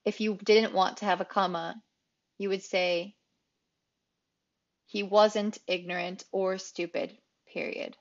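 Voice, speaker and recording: A woman English teacher explaining grammar rules in a clear, explanatory way, repeating key phrases for emphasis. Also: mid-range voice, level tone, takes it slowly, long pauses, highs cut off. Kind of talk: grammar lesson.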